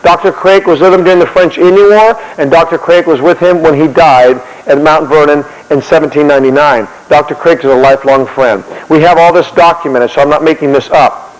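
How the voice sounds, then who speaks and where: A fairly quick, slightly high male voice delivers a history talk in the manner of a sermon. He's animated, often restarting and repeating words, and the sound rings with long hall reverb.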